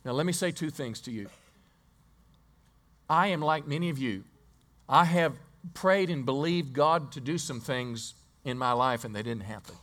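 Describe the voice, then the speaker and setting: A man's voice: medium pitch, animated, normal speed, long pauses, fairly bright tone. A male pastor preaching a sermon in a church, telling a story and quizzing the congregation, often restarting his words.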